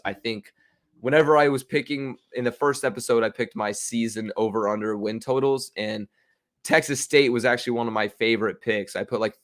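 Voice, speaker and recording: A man hosting a sports betting podcast, talking casually and excitedly, opinionated and rambling with frequent restarts. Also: fairly low pitch. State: hiccups.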